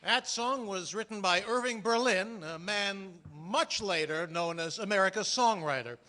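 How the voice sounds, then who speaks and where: A man's voice: sits high, measured pace, pushed and bright, a little hiss or hum. A man performer introducing a comedy sketch to a live audience in an informal, hesitant way, with fillers.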